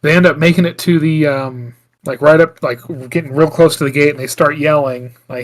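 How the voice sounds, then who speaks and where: A man's voice: a little high, steady tone, brisk, hardly any pauses. Rambling man recapping a movie casually. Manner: rambling plot recap full of "like" fillers. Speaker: podcast co-host. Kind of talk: casual chat.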